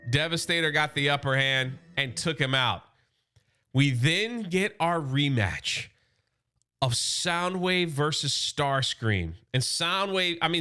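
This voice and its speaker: A man recapping a comic book series in a casual, enthusiastic way, loosely acting out the characters' quotes as he goes. His voice sits a little high for a man and sounds bright and forceful. Faint music plays underneath.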